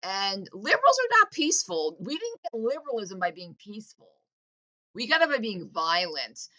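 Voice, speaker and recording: A woman's voice: mid-range voice, sharp tone. A woman delivering a heated political rant to the camera, intense and emphatic, swearing often.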